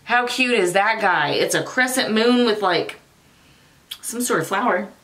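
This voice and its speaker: A woman's voice: medium pitch, animated, unhurried, fairly bright tone. A middle-aged woman chatting casually through an unboxing, rambling off on tangents, laughing often and swearing casually. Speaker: vlogger.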